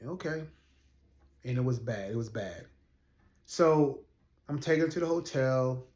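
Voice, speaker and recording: A man's voice: mid-range voice, lively intonation, unhurried, a little mellow. Earnest man in his forties, roomy sound. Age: 40s. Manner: earnest, rambling, with many fillers and restarts. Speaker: rideshare driver telling a personal story. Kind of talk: casual storytelling to camera. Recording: roomy echo.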